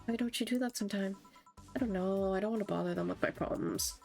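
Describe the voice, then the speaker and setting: A woman's voice: mid-range voice, fast, vocal fry, darkish tone, faint music behind, close to an everyday voice. A woman reading the lines of a teasing but caring young woman friend from a game. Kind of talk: reading game dialogue aloud.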